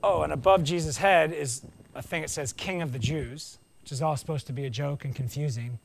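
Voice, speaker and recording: High gravelly-voiced man preaching. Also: a little fast, a little hiss or hum. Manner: animated storytelling, acts out quotes, wry asides. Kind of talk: conversational sermon.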